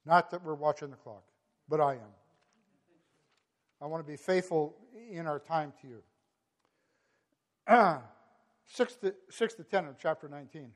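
A man's voice: fairly high pitch, unhurried, pauses often. A man preaching a sermon, impassioned and repetitive, building to emphatic peaks. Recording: long hall reverb.

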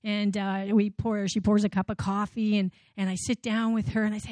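A woman's voice: mid-range voice, level tone, fairly quick, few pauses, darkish tone, no room sound. A woman giving a personal storytelling talk at a community ministry event, with many fillers and restarts, into a microphone.

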